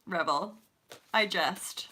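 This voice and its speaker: Bright, chatty, swearing woman. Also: fairly low pitch, slow pace, slightly rough. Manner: chatty, profane, laughs often. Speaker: spiritual coach and livestream host. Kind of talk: casual livestream chat reading comments.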